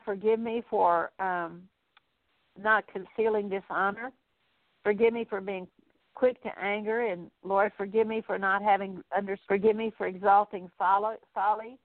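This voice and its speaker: A woman's voice: mid-range voice, no echo. Woman praying over a tinny line. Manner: earnest, repetitive litany-like pleading. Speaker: minister leading prayer. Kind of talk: prayer of repentance. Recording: dry, phone-like narrow sound.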